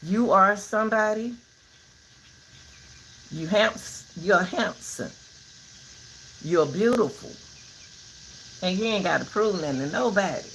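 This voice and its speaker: Animated grandma vlogger. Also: female voice, medium pitch, slow pace, pauses often, slight background noise, low-quality recording. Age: older. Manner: animated, preachy, folksy advice. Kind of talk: casual vlog talk.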